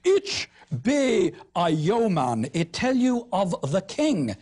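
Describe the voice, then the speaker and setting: A crafty male sheep thief pretends to be a southern nobleman, voiced by a woman lecturer. He drags out each old-fashioned word slowly, with lordly airs and a swooping, lively pitch. The voice carries a slight huskiness. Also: breathy edge, exaggerated voice. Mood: pompous. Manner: slow, affected, pompous Middle English reading.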